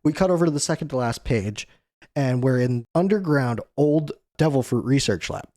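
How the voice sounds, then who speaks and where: A man at an ordinary mid pitch talks through a comic chapter in easygoing conversation. He leans on "you know" and briefly imitates the characters' lines. His voice sounds dry and close, with no room around it. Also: lively intonation, normal speed, mellow, no echo. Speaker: manga discussion show host. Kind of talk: casual chapter recap.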